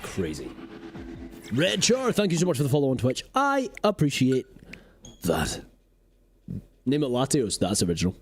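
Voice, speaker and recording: A man's voice: medium pitch, sing-song, moderate pace, long pauses. A man streaming a game live, chatting playfully with viewers and drifting into silly voices. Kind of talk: casual live-stream chat. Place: home streaming setup in rural Scotland.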